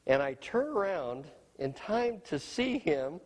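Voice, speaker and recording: A middle-aged male pastor preaching a sermon with emphasis, often asking "you know what?" and swinging between loud high phrases and soft low ones. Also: big pitch swings, slow pace, in a large hall.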